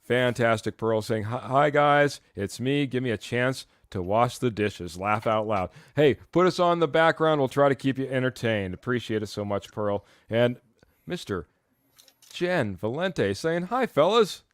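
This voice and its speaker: A man's voice: mid-range voice, expressive, a little slow, no room sound. An upbeat man hosting a live fan sports stream, chatting loosely and reading viewer comments aloud with easy laughs. His voice sits in a middle register, close and dry with no room sound. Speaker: host.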